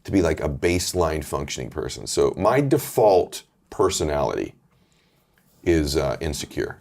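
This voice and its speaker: A man with a deep voice, talking candidly as a guest author in a casual interview. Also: very animated, moderate pace, gravelly, a little mellow. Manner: earnest, candid storytelling.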